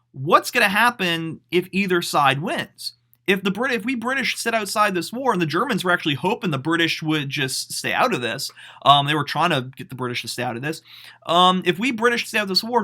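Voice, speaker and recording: A man teaching a high school history class online, explaining in a casual, conversational way with fillers and questions to his students. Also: sharp tone. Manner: casual, conversational explaining with frequent "um" and "you know".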